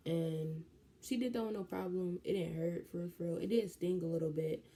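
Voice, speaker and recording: A young woman, telling a story in a casual vlog, animated and slangy. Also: on the low side, fairly quick. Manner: animated, slangy, jumps into quoted voices. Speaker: vlogger.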